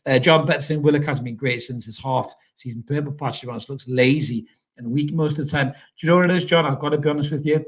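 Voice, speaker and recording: A man from North East England with a fairly high voice talks fast while hosting a fan channel and reading the live chat. It's a casual live stream; he's chatty, swears freely, and calls his listeners "mate."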